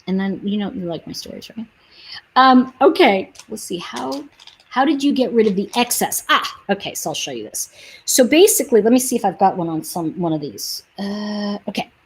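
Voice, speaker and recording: A woman's voice: medium pitch, low-quality recording. A woman chatting casually on a livestream as she sells nail polish, rambling and reading out viewer comments.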